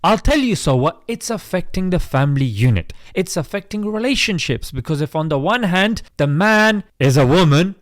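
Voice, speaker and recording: A man's voice: high-pitched, sing-song, normal speed, hardly any pauses, no echo, clean studio sound. A British man hosting an opinion commentary vlog, preachy and chatty, calling his viewers mate. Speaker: host.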